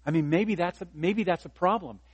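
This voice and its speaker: A man in his fifties preaching a sermon, chatty, then lifting his voice to drive a point home. His voice sits a little high, and the sound is dry and close with no room echo. He tells stories on himself with easy humor. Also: fairly quick, slightly rough. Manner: conversational preaching, rising for emphasis, self-deprecating humor. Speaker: pastor.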